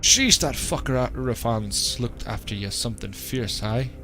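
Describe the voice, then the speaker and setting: A man's voice: fairly low pitch, vocal fry. A man voicing a corpulent, scarred middle-aged merchant who talks bluntly and in slang, with faint music behind. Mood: sly. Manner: blunt, slangy, slow drawl.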